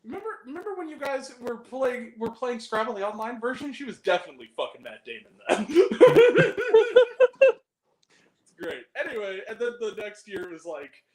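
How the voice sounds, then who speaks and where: A man with an extremely high, very animated voice talks briskly in a roomy-sounding space. He hosts a movie review podcast and chats casually, rambling and swearing, with lots of fillers and giggles.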